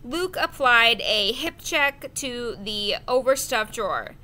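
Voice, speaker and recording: A woman reading a children's adventure novel aloud, slow and careful, with the odd slip of the tongue. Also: on the high side, lively intonation, pushed and bright. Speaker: audiobook reader. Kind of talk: storybook narration.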